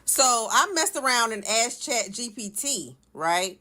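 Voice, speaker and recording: A woman's voice: a little high, animated, unhurried, pushed and bright. A woman co-host in casual political talk, earnest and questioning as she reads out answers. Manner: earnest, questioning, reads quoted text aloud.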